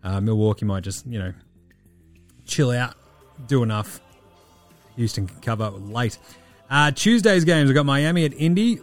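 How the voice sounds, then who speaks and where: Laid-back man rattling off picks. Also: medium pitch. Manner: breezy, profane, rattling off quick-fire picks. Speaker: podcast host. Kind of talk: casual sports chat.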